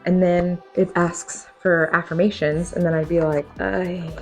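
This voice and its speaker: A woman's voice: on the low side, level tone, normal speed, soft background music. A young woman vlogging to camera, telling her story in a candid, chatty, self-deprecating way and laughing often.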